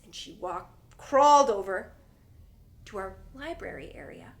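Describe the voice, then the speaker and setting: A woman preschool teacher telling a story to young children, dramatic and animated, dropping into hushed whispers. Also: mid-range voice, a little slow, vocal fry, slight background noise.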